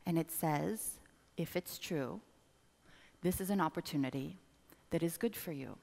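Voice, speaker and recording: A woman coach speaks to a live audience in a bright, crisp voice, animated and direct. She keeps prompting the room to answer and repeat after her. Her voice rings with a long reverb from a large event hall. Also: lowish voice, slow pace. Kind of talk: motivational seminar talk.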